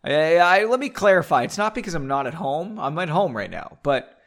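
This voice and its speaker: Lively man reading a book aloud, mocking it. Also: a little high, a little fast. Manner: sarcastic, mocking asides. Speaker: podcast host. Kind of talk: comedic book reading with asides. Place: at home.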